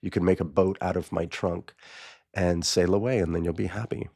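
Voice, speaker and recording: A man voicing a gentle, giving female tree, old and bare, speaking softly and apologetically. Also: low voice, steady tone, normal speed, gravelly, no echo, clean studio sound.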